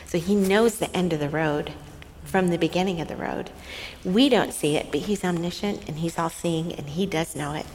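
A middle-aged woman with a lowish voice tells a family story on a faith-based talk show. She laughs often and turns soft and hushed when she quotes someone. Her voice carries a long reverb from the room, with a faint hiss underneath. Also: normal speed.

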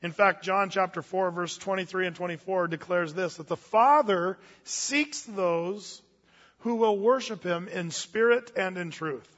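A man's voice: high voice, measured pace, fairly bright tone. A male pastor giving a sermon to his church in a casual, folksy way, with asides and restarts. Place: church hall. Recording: dull audio with long reverb in a church hall.

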